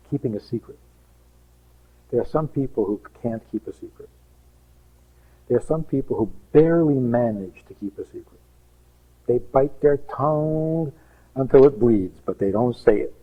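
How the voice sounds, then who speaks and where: A man's voice: mid-range voice, animated, measured pace, long pauses, breathy edge, narrow, tinny audio. A man, a rabbi, giving an emphatic teaching talk full of rhetorical questions and acted-out quotes.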